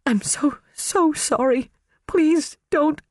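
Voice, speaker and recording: A man voicing a frightened, tearful woman witness who speaks in a trembling, hushed voice. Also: very high-pitched, a little slow, no room sound, clean studio sound, pitched above the performer's own voice. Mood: breaking down.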